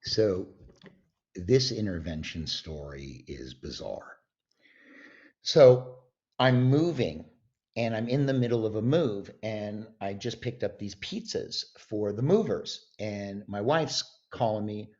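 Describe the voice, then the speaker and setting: A man guest on a podcast, telling a story with emphatic, animated delivery and acting out the voices of the people in it. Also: lowish voice, unhurried. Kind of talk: storytelling in an interview. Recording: dull lo-fi sound.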